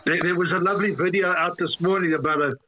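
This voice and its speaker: A man's voice: high-pitched, fairly even intonation, fast talker, noisy background. A man co-hosting a radio show, adding short asides to the banter. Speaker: radio co-host. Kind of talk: casual studio banter.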